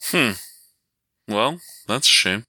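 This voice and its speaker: A man's voice: fairly low pitch, lively intonation, slow, pushed and bright, no echo. A man co-hosting a podcast, chatting casually with dry jokes and frequent laughs. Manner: dry joking, laughs often. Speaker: podcast co-host.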